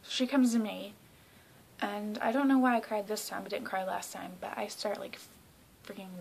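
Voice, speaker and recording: A young woman from South Carolina tells a story straight to camera in a casual vlog. She has a mid-pitched voice and talks in an excited, gushing rush, full of "like". Now and then she sinks into hushed, breathy asides. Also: normal speed, slight background noise, low-quality recording. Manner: excitable, gushing, heavy use of "like". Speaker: vlogger.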